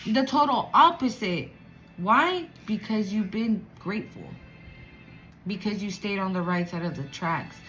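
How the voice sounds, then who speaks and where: A woman giving a channeled spiritual reading to viewers, emotional and animated, swearing casually. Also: mid-range voice, measured pace, faint music behind, rough recording. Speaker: spiritual reader.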